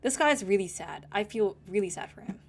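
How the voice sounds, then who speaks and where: A woman's voice: mid-range voice, animated, fairly quick, a little hiss or hum. A young woman commenting casually on a visual novel, with blunt, slangy reactions. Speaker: gaming commentator.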